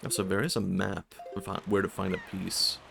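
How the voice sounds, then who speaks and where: Speaking a little fast in a level tone, a young Swede with a low, gravelly voice and a Swedish accent keeps up casual chat during his game stream, often breaking into laughter. Game music plays faintly in the background.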